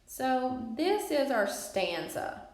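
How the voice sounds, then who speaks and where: A woman teacher giving a recorded lesson, speaking clearly and putting stress on syllables. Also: high-pitched, very animated, slow pace, darkish tone. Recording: echoey room.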